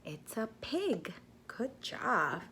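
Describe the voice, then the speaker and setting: A woman speech therapist leading a slow toy play lesson for a child, stretching first sounds and making animal noises. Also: fairly high pitch, very animated, pushed and bright, slight background noise. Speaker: speech-language pathologist.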